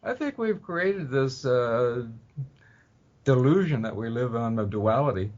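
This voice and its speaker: A man, a spiritual teacher, speaking as a guest in an interview, unhurried and full of ums and uhs. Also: medium pitch, animated. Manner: unhurried, many ums and uhs, soft laughs. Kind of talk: relaxed interview talk. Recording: dull lo-fi audio.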